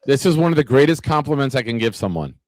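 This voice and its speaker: A man's voice: medium pitch, very animated, fast, darkish tone, dry recording. A man hosts a loose sports talk show, trading brash jokes and stories with his guests. His voice sits in a middle register, recorded close and dry with no room sound. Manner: brash, joking storyteller. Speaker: podcast host.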